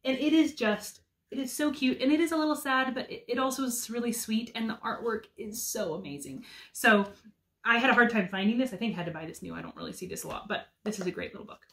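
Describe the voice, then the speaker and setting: A woman's voice: a little high, quick pace, a bit bright. A woman in her thirties chatting casually about favorite picture books, enthusiastic with frequent ums. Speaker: homeschool mom reviewing picture books. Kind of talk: casual book recommendations.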